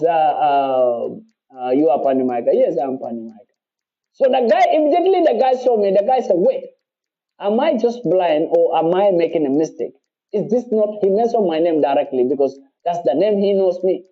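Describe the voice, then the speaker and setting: An activist with a Gambian English accent delivers a passionate, defiant monologue directly to his followers. His voice is high for a man, and he hammers his points with repetition and sworn oaths. The audio is dull and lo-fi.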